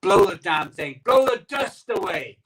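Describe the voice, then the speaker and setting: Chatty man, slightly high voice. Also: sing-song, unhurried, recorded from a distance, background noise. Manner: rambling, chatty, reads out viewer comments. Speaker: live stream host. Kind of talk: casual live-stream chat. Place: home conservatory. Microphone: iPhone microphone.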